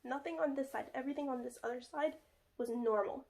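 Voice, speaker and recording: Young woman vlogging a story, kinda high voice, lots of "like", goes quiet and whispery sometimes. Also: fairly quick. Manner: confiding, drops to a hushed whisper at times; chatty, many fillers like "like" and "you know". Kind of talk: personal storytime vlog.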